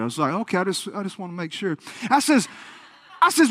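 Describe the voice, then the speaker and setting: A male preacher telling a healing story in a sermon, animated and acting out the quotes. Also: extremely high pitch, quick pace, no room sound, clean studio sound. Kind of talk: sermon testimony.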